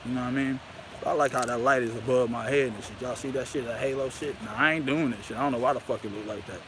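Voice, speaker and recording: A man's voice: medium pitch, fast, noisy background. Man swearing into a phone outdoors. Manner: profane, grandiose, conversational, frequent "you know what I mean". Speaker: vlogger. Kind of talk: rambling outdoor phone monologue. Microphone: handheld phone.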